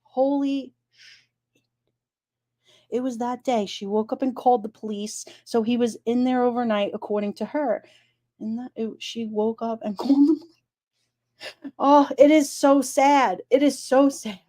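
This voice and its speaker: A woman chatting casually on a live stream, animated and incredulous, often exclaiming. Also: on the high side, measured pace, pauses often. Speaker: streamer talking true crime.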